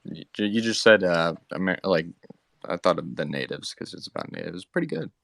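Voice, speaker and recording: A man's voice: low-pitched, normal speed, fairly bright tone, no room sound, studio quality. A man co-hosting a casual chat, hesitant and trailing off with many fillers.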